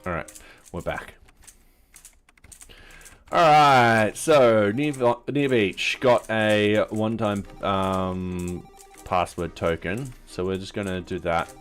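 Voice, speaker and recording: A deep-voiced man talks his way through a live coding session, calmly narrating each click and test as he goes. His delivery is slow and offhand, like someone thinking out loud at his desk. Soft music plays faintly behind him. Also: smooth. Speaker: software developer streaming his open source project.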